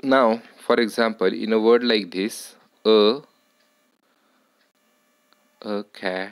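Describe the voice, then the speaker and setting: A man teaching a lesson on word stress, speaking deliberately, repeating words and correcting himself as he goes. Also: on the low side, clear, resonant tone, no room sound.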